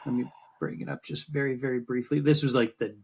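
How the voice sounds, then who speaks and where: A man co-hosting a sports podcast, telling rambling, animated stories in casual chat. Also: mid-range voice, fast, husky. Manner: rambling, animated storytelling with swearing. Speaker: podcast co-host.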